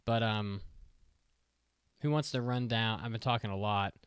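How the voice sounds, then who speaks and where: A man in his thirties co-hosting a podcast, chatting casually in an excitable, rambling, jokey way. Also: fairly low pitch, unhurried, clear, resonant tone, no echo, clean studio sound. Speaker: podcast co-host. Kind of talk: casual chat.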